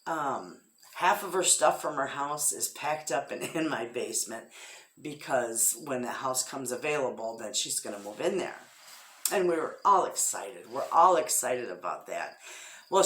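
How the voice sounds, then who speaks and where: A middle-aged Midwestern American woman with a low voice chats casually to her viewers and acts out what others said. Her talk rings in an echoey room, with crickets chirping faintly behind her. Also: a little slow. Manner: chatty storyteller, quotes others in lively voices. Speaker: homestead vlogger. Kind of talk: casual chat to camera.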